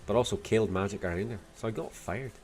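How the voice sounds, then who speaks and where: A man voicing a tough, blunt Irish woman in a video game, with a put-on Dublin accent carrying a Scottish lilt and a rough, salty way of talking. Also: on the low side, fast, a little mellow, soft background music, lightly acted. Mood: storytelling. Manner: gruff, salty, rough-spoken.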